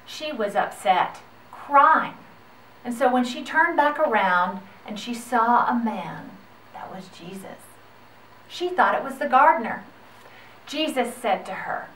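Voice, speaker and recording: A woman with a fairly high voice tells a Bible story to children, gentle and expressive. She sounds set back from the mic in an echoey room, with faint noise behind her. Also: slow pace, recorded from a distance.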